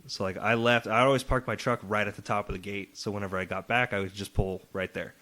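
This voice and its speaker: A man's voice: fairly low pitch, fairly even intonation, quick pace, sharp tone. A young man, a guest comedian, telling stories in casual podcast chat, rambling with lots of fillers and swearing freely. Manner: loose, rambling storytelling full of fillers and swearing.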